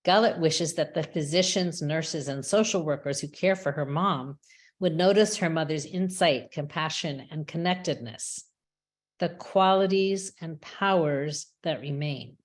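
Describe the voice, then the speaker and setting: A woman giving a measured, reflective prepared talk as a webinar speaker, with small restarts now and then. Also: low-pitched. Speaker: rabbi and chaplain speaker. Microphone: webinar microphone.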